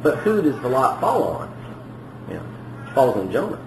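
A man's voice: mid-range voice, huge pitch swings, normal speed. A man preaching a verse-by-verse sermon in a conversational way, often asking the congregation questions. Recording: echoey room with faint noise.

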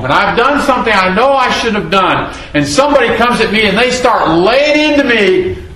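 A man's voice: mid-range voice, fairly bright tone, slight background noise. Preacher man in an echoey room. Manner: dramatic scripture reading with rhetorical questions. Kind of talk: expository sermon.

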